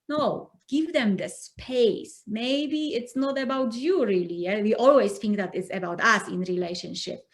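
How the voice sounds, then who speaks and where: A woman's voice: medium pitch, normal speed. Earnest woman coaching on relationships. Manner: earnest, animated, acts out little dialogues. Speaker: interview guest, self-development coach. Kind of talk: conversational interview.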